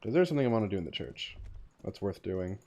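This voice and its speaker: A man's voice: fairly low pitch, fast. A man streaming a video game, reading its text aloud and acting out lines dramatically between casual remarks. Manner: animated, reads game text in dramatic voices. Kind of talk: gameplay commentary, reading aloud.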